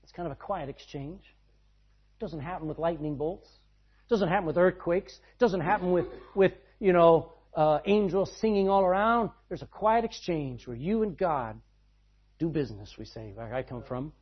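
A man preaching a sermon, swinging between loud, driving lines and hushed, quiet ones. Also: on the high side, animated, normal speed, slightly rough. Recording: dull lo-fi sound.

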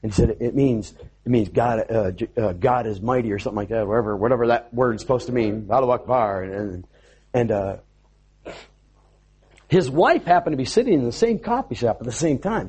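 A male pastor preaching a sermon, telling a story in an animated way with stammered restarts. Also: mid-range voice, brisk, husky.

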